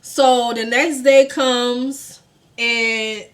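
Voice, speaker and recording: A woman, telling a personal story to her viewers in an animated, profane, conversational way. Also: on the high side, extremely slow. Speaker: vlogger. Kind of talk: storytime vlog.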